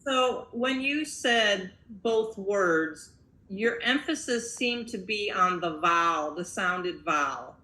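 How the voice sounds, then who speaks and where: A woman's voice: medium pitch, expressive, slow pace, bright, forceful tone. A woman workshop participant asking puzzled questions. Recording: echoey room.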